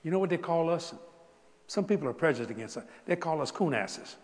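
An older man from South Louisiana with a Cajun accent, preaching a folksy storytelling sermon, animated and laughing as he tells stories. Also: a little high, fairly quick, long reverb tail. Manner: animated, laughing, Southern drawl, rising to exclamations.

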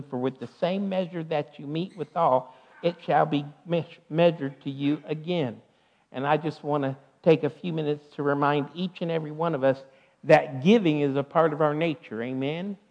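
Male pastor, slightly high voice, preaching on giving; dull church PA sound with long reverb. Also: darkish tone. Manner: peppers talk with "amen" and "hallelujah". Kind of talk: church announcements and offering sermon. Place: church sanctuary.

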